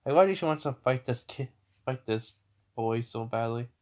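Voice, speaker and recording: A man voicing a small worried bird, muttering quietly to itself. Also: medium pitch, moderate pace, natural voice. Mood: puzzled.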